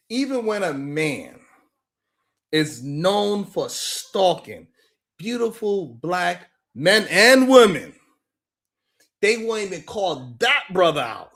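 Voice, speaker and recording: A man hosting a live stream, talking in a loose, slangy, mocking way. He laughs often and greets viewers in the chat by name. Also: sits high. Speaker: live-stream show host. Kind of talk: casual live-stream commentary.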